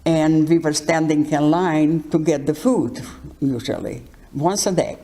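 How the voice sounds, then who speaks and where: An older woman giving her life testimony in an interview, speaking haltingly and often restarting words. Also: low-pitched, mellow. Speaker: Holocaust survivor interviewee.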